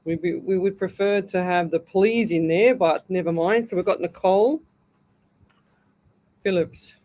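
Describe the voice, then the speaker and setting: A woman's voice: lowish voice, measured pace, dark tone. A middle-aged Australian woman hosting a live call-in radio show as a psychic medium, chatty and greeting listeners by name as she thinks aloud.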